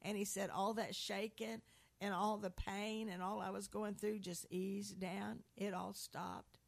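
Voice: mid-range voice, flat delivery, a little slow, gravelly, no echo. An earnest preacher in an informal sermon, quoting scripture and often repeating and restarting words.

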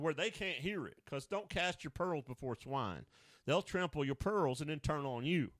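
Lively folksy preacher man. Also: fairly high pitch, moderate pace, no room sound. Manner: down-home storytelling, colloquial grammar. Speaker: pastor. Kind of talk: folksy radio sermon.

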